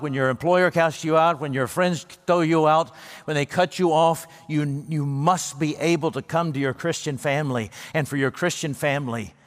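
A man preaching a sermon as pastor, earnest and emphatic, slowing down and lifting his voice for the words he quotes. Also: fairly high pitch, big-room sound.

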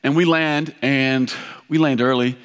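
A man from Kentucky preaching a sermon, telling a story in an animated, rambling, self-mocking way with many restarts. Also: medium pitch, a little slow, clean tone. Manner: loud. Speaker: pastor. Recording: reverberant hall.

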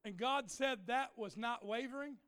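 Preacher, male, middle-aged, high voice, folksy and joking, erupts into shouts mid-story. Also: moderate pace. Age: middle-aged or older. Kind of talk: sermon storytelling. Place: church in front of a congregation.

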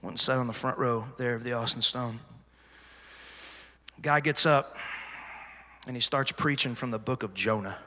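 A middle-aged man preaching a testimony sermon, telling his story emphatically and moving from hushed asides to loud cries. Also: mid-range voice, moderate pace, pauses often. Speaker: pastor. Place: large church sanctuary. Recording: long church hall reverb.

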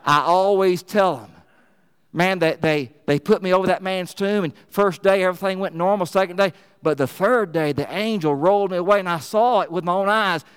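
A boastful old granddaddy rock, played by a preacher, swaggers through his tale in a smooth, fairly high voice. The folksy telling rings out in a reverberant church hall. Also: moderate pace, natural voice. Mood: folksy boasting.

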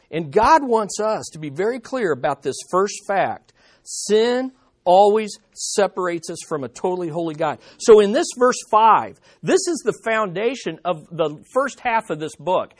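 Emphatic, lively high-voiced man preaching. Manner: emphatic, repeats key phrases for stress; slows down on key statements. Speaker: pastor. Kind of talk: sermon.

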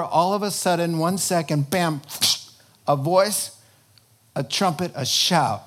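A preacher delivering an animated sermon. The preacher jokes, asks the congregation questions and acts out the voices of the people quoted. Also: medium pitch, slow pace, long pauses. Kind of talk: sermon on end-times prophecy.

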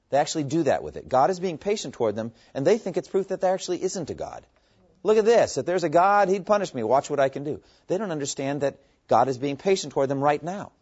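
A man's voice: mid-range voice, a little mellow. A man teaching a Bible study as a pastor, earnest and emphatic in a conversational way. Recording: dull lo-fi recording.

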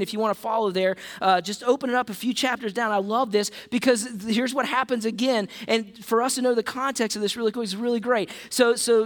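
Man, middle-aged, pastor, sermon, high voice, animated, acts out story voices. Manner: animated, plays disciples and Jesus in quick voices.

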